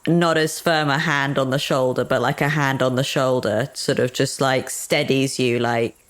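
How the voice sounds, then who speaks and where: A woman playing a tabletop game, gently describing her character's gestures and words. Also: a bass voice, steady tone, moderate pace. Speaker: player.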